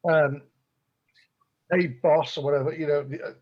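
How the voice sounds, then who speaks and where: A man's voice: on the high side, fairly even intonation, normal speed. A man playing a tabletop game, chatting casually and stumbling over repeated words. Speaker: player. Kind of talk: casual chat. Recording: dull lo-fi mic.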